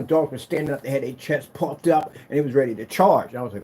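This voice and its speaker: A man showing off his business's screen paint in a casual vlog, talking in an excitable, rambling, hyped-up way. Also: medium pitch, fast, a little hiss or hum. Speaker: screen paint business owner demonstrating products. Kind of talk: casual product demo vlog with storytelling.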